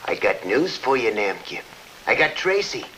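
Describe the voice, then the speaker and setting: Gangster boss, gloating blackmailer, lively pitch, 1940s radio drama, faint hiss. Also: male voice, moderate pace, poor audio. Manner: gloating, tough-guy snarl. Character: scheming male gangster boss, greedy blackmailer.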